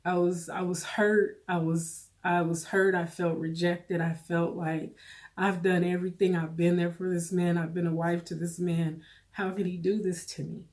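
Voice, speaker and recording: Tearful woman with a lowish voice. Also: flat delivery, a little mellow. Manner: emotional, halting, repeats phrases. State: tearful, holding back tears. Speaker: vlogger. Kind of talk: personal storytelling to camera.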